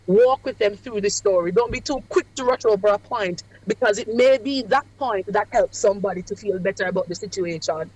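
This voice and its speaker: A woman gives speaking advice on a radio talk show. Her delivery is measured and emphatic, with a cadence close to preaching and deliberate pauses for effect. Her pitch sits in a middle range. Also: a little mellow, poor audio. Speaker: guest speaker on public speaking. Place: away from the studio.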